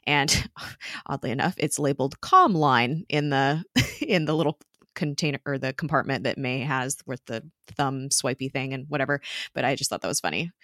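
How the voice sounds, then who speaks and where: Young woman, low voice, casual podcast recap, chatty, dry close mic. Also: expressive, normal speed, a bit bright, dry recording. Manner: chatty, swears casually, acts out characters' lines. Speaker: podcast co-host recapping a TV episode. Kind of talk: casual chat.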